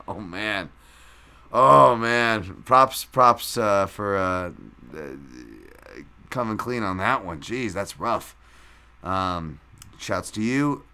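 A man's voice: lowish voice, bright, forceful tone. A man hosting a podcast in a loose, rambling live-stream recap, reading out chat and swearing casually. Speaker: podcast host.

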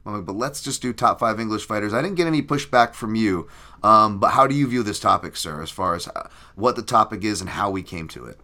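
A man's voice: on the low side, lively intonation, a little fast, pushed and bright. A man hosting a casual sports podcast, rambling with many fillers and restarts, chatty and self-deprecating. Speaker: podcast host. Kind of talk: casual chat.

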